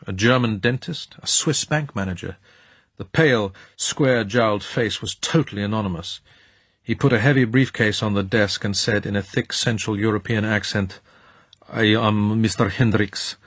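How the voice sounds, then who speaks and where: Husky low guy narrating an audiobook, measured, dry sound. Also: no echo. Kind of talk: scripted narration.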